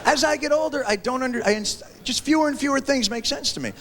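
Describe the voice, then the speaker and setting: A man in his thirties performing a stand-up comedy routine on stage, acting out characters in quick voices, recorded from a 1990s TV special on VHS with audience laughter. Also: very high voice, lively intonation, heavy background noise. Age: 30s. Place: theater stage before a live audience. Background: audience laughter and applause.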